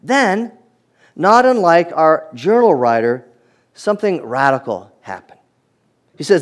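A man's voice: on the high side, sing-song, unhurried, long pauses. A man preaching a sermon, reading scripture aloud and reflecting on it in an earnest manner, often repeating words as he restarts.

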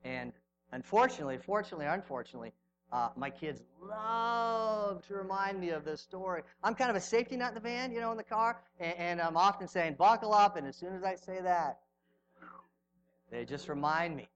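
A middle-aged male pastor preaching a sermon, telling stories with sudden swings from loud to hushed. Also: high-pitched, expressive, fairly quick, muffled recording, a little hiss or hum.

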